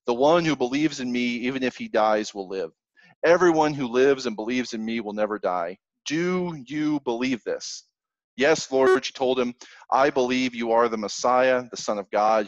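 A man's voice: medium pitch, dry recording, dull audio. A man preaching a sermon, reading scripture aloud and explaining it in an earnest, conversational way. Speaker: pastor.

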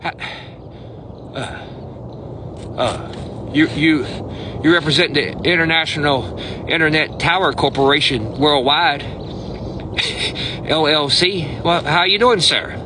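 A man's voice: fairly high pitch, takes it slowly, pauses often. A man from the United States doing a comic one-sided phone call, earnest and polite, stammering as he restarts his sentences. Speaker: comedian. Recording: background noise.

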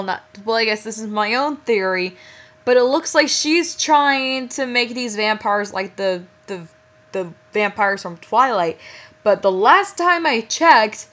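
Slow, bright-voiced woman reading fanfiction aloud. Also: on the high side. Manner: incredulous, exasperated asides. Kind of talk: dramatic reading with mocking commentary. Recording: muffled lo-fi recording.

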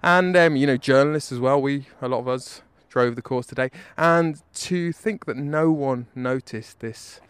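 A man's voice: medium pitch, moderate pace, hardly any pauses, a bit bright, clean tone, no echo. A man, giving a wry, rambling spoken dispatch as a correspondent. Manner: wry, rambling, self-mocking.

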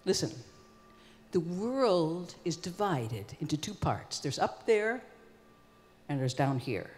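A woman's voice: lowish voice, very animated, slow pace, darkish tone. A woman doing a pushy scheming old-world poet. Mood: eager pitch. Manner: eager, pushy salesman talk. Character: scheming ancient male poet pitching a scheme. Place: concert stage. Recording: long hall reverb.

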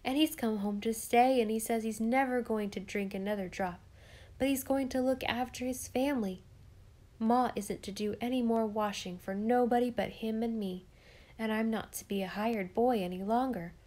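A woman's voice: a little high, steady tone, normal speed, warm tone, close to an everyday voice. A woman reading the lines of a solemn, earnest young farm boy who talks in plain rustic speech. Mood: eager.

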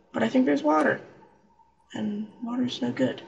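A man's voice: extremely high pitch, moderate pace, gravelly, long pauses, far from the mic, highs cut off. A young man giving casual, rambling game commentary, joking and talking to the characters on screen. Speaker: let's play gamer.

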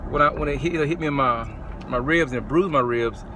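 A fitness trainer man talks through a casual vlog with shallow, careful breaths. He stumbles and repeats himself as he goes. He records outdoors, and clear street and car noise runs behind his voice. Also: a little high. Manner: halting, repeats words and restarts often. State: short of breath from bruised ribs.

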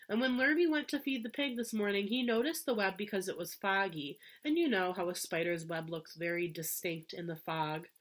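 An earnest middle-aged farmer, shaken and insistent, his voice climbing as he grows excited, as a woman teacher reads him aloud. He speaks solemnly and presses his point in a storybook reading. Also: mid-range voice.

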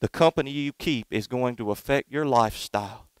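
Male pastor, earnest emphatic sermon, smooth resonant tone, close dry sound. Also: mid-range voice, a little fast, dry recording. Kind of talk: sermon with opening prayer. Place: church in front of a congregation.

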